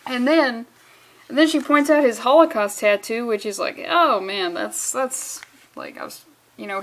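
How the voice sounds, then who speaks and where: A sarcastic woman rambles through a comic book review, swearing freely as she talks. Her voice sits a little high. She delivers loose, offhand vlog commentary. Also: fairly bright tone.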